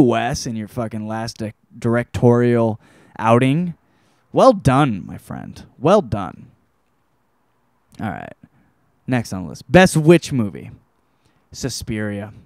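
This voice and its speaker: A young man hosting a casual solo show, rambling and swearing, with loud outbursts, tired and drinking beer. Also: medium pitch, no echo, studio quality. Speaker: host.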